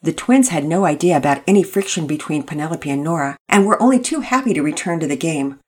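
Brief: woman storybook narrator, low-pitched, husky, lively intonation. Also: fast talker. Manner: expressive, even storytelling. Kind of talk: storybook reading.

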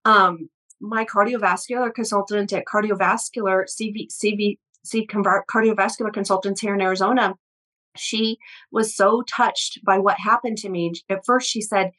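A woman's voice: mid-range voice, poor audio. A middle-aged woman, an energy healer, telling personal stories in an interview, full of restarts and quoted voices. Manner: animated, quick, many restarts, quotes people. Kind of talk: conversational storytelling interview.

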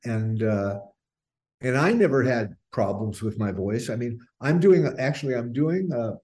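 A man's voice: mid-range voice, measured pace. Rambling older male singer. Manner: rambling, restarts often, animated when telling stories. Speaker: singer being interviewed. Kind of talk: casual interview chat.

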